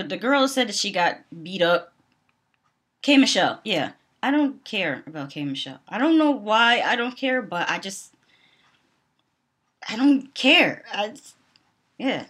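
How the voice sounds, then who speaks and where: This is a casual vlog where a young Northeastern US woman comments on a reality TV show. Her voice is mid-range and a bit bright, and she comes across as blunt and opinionated, with frequent laughter and plenty of "um"s.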